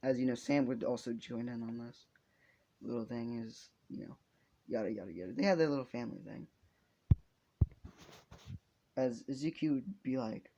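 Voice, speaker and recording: Gravelly young man telling a fan story. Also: mid-range voice, fairly quick, dark tone, lo-fi sound. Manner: rambling, profane, frequent restarts. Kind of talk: improvised fan story narration.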